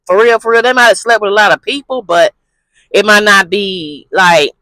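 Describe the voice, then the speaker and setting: A man's voice: sits high, normal speed, sharp tone, no echo, low-quality recording. A man hosting his own vlog from a parked car, talking candidly in a rambling, slangy, profane way. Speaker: vlogger, channel host. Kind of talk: casual talking-head vlog. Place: parked car in a parking lot.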